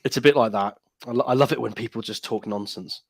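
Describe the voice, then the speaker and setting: A man's voice: mid-range voice, fast talker, dry recording. A man co-hosting a casual podcast, rambling and joking with lots of fillers and restarts. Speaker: podcast co-host.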